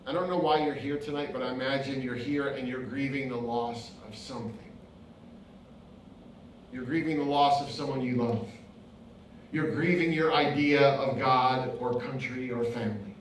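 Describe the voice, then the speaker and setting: A man's voice: medium pitch, normal speed, slight background noise. A man, a pastor and author, giving an impassioned inspirational speech with rhythmic repetition. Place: event venue. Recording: very echoey hall, mic far off.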